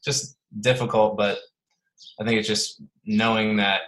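Male guest, lowish voice, loose rambling speech full of restarts, calling in from an apartment. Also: little pitch movement, a little slow, fairly bright tone, low-quality recording. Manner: rambling, many fillers and restarts, laid-back. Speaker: podcast guest. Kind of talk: casual conversation. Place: apartment at home.

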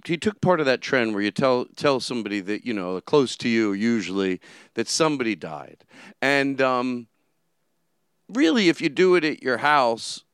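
Man, lively pitch swings, smooth clear voice, dry close mic, rambling solo commentary. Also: no echo. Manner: rambling, with many restarts and fillers. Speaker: solo show host. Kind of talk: casual commentary monologue.

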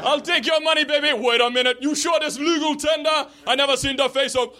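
A stand-up comedian voicing an incredulous male cab driver in a put-on Jamaican accent, yelling in a high sing-song way. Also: fairly even intonation, a little fast, very noisy. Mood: amazed. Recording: loud live comedy club crowd.

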